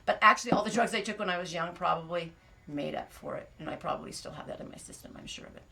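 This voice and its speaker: Chatty American woman, livestream host, bright voice, rambling and laughing easily. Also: on the low side, quick pace, gravelly, a little hiss or hum. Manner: chatty and rambling, greets viewers by name, laughs often. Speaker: livestream host of a knitting and farm channel. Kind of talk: casual live-stream chat.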